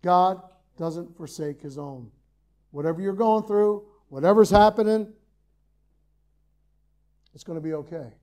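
High-voiced, mellow preacher at the pulpit. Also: male voice, a little slow, long pauses. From Ireland. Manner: rises to loud emphatic peaks, then drops to quiet earnest asides. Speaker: pastor. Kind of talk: sermon. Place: church sanctuary, preaching from the pulpit.

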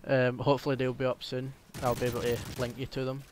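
A man's voice: mid-range voice, completely flat delivery, fast, a little hiss or hum. A young man with a Scottish accent giving casual, rambling gameplay commentary, full of ums and hesitations. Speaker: gaming commentator.

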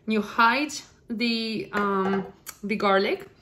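A young woman chatting casually in a home kitchen while showing a recipe, excitable and laughing often. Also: mid-range voice, slow. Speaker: cooking vlogger. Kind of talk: casual cooking demonstration.

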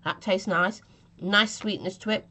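A woman's voice: mid-range voice, fairly even intonation, measured pace, bright, forceful tone. A woman chatting casually through a vape flavour review, giggly and self-mocking, with a cough from a chest infection.

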